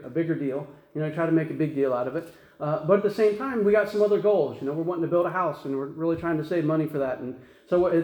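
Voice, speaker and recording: A man's voice: a little high, mellow, reverberant, low-quality recording. A man, preaching a folksy, rambling sermon full of restarts and fillers. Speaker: pastor.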